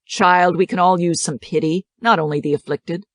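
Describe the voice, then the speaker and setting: A woman's voice: fairly low pitch, fairly even intonation, normal speed, no room sound, clean studio sound, lightly acted. A woman voicing a kindly, teasing old headmaster. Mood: gentle. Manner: gentle, counseling, lightly teasing. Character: kindly older male school director, stern and teasing.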